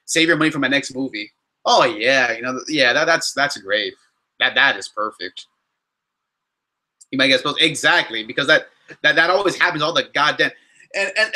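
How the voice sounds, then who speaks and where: A young man hosting a casual question-and-answer vlog, talking in an animated, exasperated way with many restarts and fillers. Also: a little high. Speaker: YouTuber answering fan questions.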